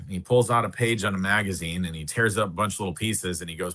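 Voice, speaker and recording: Low-voiced guy, bright forceful tone, slow earnest storytelling with long pauses. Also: steady tone. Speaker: podcast guest. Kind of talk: personal storytelling.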